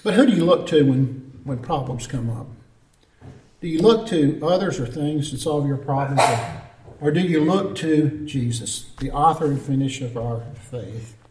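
Earnest pastor preaching in an echoing church. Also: male voice, fairly high pitch, normal speed, a little mellow. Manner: earnest, storytelling, call-and-response preaching. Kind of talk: sermon. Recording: roomy echo, distant mic.

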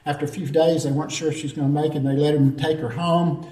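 A man's voice: fairly high pitch, steady tone, quick pace, mellow. A man preaching a sermon as pastor, earnest and storytelling, calling for responses from the congregation. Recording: roomy echo, distant mic.

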